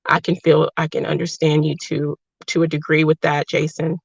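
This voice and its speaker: A woman hosts a casual livestream and answers viewer comments, affectionate and openly emotional. Her voice carries a gravelly, fried edge. The sound is dry and a little dull, like a lo-fi home stream. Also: deep voice, completely flat delivery, normal speed, no room sound. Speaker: livestream host.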